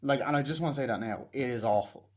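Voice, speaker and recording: A man's voice: medium pitch, fast. A man giving a casual, rambling movie review, swearing freely and acting out scenes in different voices. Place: self-recorded on a battery-powered device.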